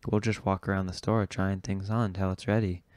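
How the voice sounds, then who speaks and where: A man's voice: deep voice, flat delivery, moderate pace, darkish tone, no echo, close to an everyday voice. A man voicing a bossy, doting adult drag queen who gives orders in a shop. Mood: insistent. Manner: fussy, commanding.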